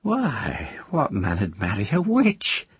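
A man voicing an old, earthy village witch woman who talks in a rustic country dialect with a drawn-out, sing-song lilt. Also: on the low side, huge pitch swings, husky, dry recording, voice pushed up, full character voice. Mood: folksy, musing. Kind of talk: audiobook character voice.

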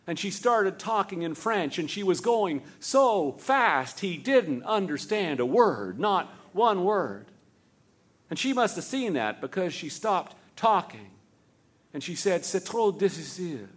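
A man narrating a story in a steady, vivid storytelling manner. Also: high voice, takes it slowly, slightly rough.

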